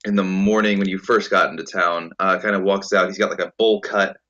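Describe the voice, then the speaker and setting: Low-voiced man running a tabletop game. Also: brisk, dull audio. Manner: relaxed, lots of ums and uhs. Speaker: game master.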